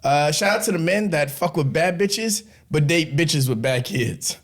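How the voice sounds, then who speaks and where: A man hosts a podcast in a loose, joking way, swearing and laughing as he goes. He sounds winded and coughs between lines, and his pitch swings widely. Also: animated, unhurried. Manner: joking, profane, laughing often. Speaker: podcast host. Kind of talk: casual podcast chat.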